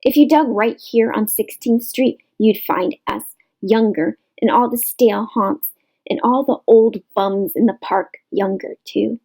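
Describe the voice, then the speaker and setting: A woman reading a novel aloud in measured literary narration, in a rough home recording. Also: a little high, mellow, poor audio. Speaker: audiobook reader.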